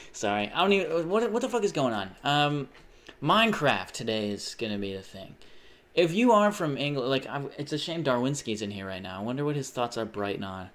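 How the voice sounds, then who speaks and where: A young man chatting casually on a live stream. He rambles, swears often and bursts into sudden excited exclamations. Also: medium pitch, brisk. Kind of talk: casual livestream chat.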